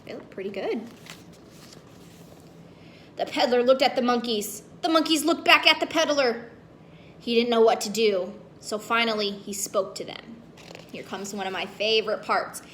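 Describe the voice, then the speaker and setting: A woman's voice: fairly high pitch, moderate pace, long pauses, a bit bright, slight background noise. A woman reading a children's story aloud, playfully asking the kids questions as she goes.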